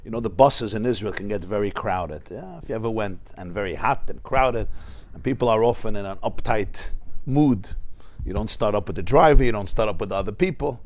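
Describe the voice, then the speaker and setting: A man teaching a class as a rabbi, telling anecdotes and often shouting the punchlines. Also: on the low side, brisk. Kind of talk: lively classroom lecture with anecdotes.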